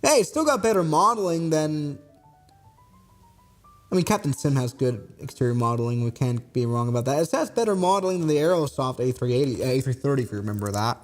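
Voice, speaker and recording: A man's voice: mid-range voice, animated, a little fast, faint music behind. A young man with a Swiss accent chatting casually to viewers on a live stream while struggling to build a model kit, self-mocking and exasperated.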